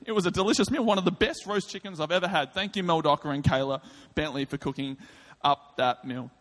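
High-voiced preacher telling a story. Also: male voice. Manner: animated storyteller, quick asides. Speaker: pastor. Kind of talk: sermon with comic storytelling. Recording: reverberant hall.

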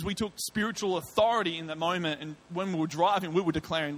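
A man with an Australian accent preaching a sermon, telling a personal testimony in a lively way and acting out his own thoughts and lines. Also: a little high, fast talker, few pauses.

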